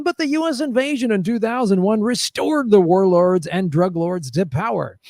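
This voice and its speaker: A man's voice: high voice, a little mellow, dry recording, studio quality. A man co-hosting a podcast, reading facts with sarcastic, profane, mock-cheerful asides in casual comedic chat. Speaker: podcast co-host.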